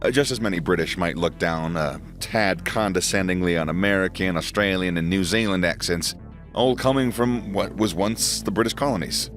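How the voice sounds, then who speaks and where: A man's voice: sits low, normal speed, a bit bright, soft background music. A man narrating an educational explainer in a conversational way, with small asides and chuckles.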